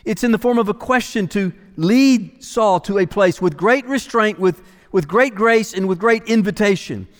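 A man's voice: high-pitched, moderate pace, hardly any pauses, in a large hall. A man preaching an expository sermon as pastor, dramatic and emphatic, sometimes dropping to a near-whisper for weight.

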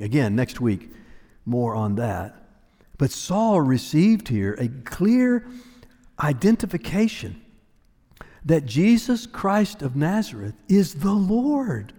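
A man preaching a sermon as pastor, emphatic, repeating phrases for weight and moving between hushed and raised delivery. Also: on the high side, big pitch swings, slow pace. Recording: long reverb of a large hall.

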